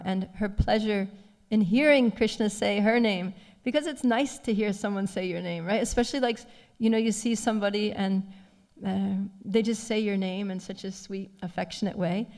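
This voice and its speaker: A woman giving a devotional scripture class, retelling a story with animated feeling and frequent soft laughs. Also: medium pitch, long reverb tail. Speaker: class speaker. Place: temple class.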